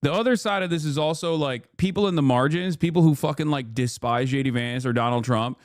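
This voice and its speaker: Male streamer, 30s, casual reaction commentary; profane, exasperated, emphatic; slightly high voice, dry close mic. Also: brisk, no room sound. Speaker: streamer host.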